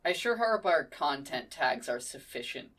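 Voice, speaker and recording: A woman with a low voice co-hosting a casual podcast chat, joking around and swearing freely. She sits a little back from the microphone, so her voice comes across slightly distant. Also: animated, normal speed, a bit bright. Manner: playful, swears freely, laughs often. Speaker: podcast co-host.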